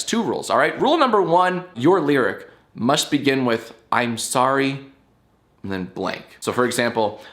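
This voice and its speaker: A man hosting his own YouTube show, talking casually to the camera in a playful way, with his pitch jumping up and down as he spells things out. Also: fairly bright tone.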